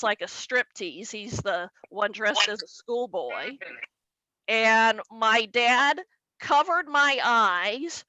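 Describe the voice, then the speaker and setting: A woman comedian telling a stand-up story, animated and acting out each character. She talks slowly in a bright, forward voice. The sound is dry, with no room echo. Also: on the high side.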